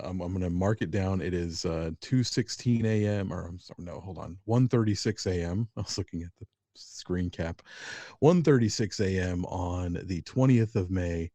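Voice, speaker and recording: A man's voice: sits low, normal speed, mellow, dry recording. A man co-hosting a wrestling podcast in casual, laid-back chat. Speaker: podcast co-host.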